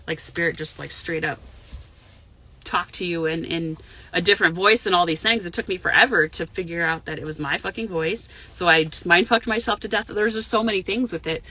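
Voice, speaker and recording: A woman's voice: on the low side, fairly quick, bright, forceful tone, slightly rough. A woman who works as a spiritual medium, talking casually from her parked car in a frank, profane, rambling way with lots of fillers. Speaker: intuitive medium and spiritual mentor. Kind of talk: casual live chat to viewers.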